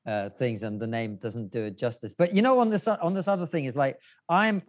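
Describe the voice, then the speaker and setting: A man's voice: medium pitch, fairly quick. A man from Russia, a guest on a podcast, chatting casually with dry, wry jokes.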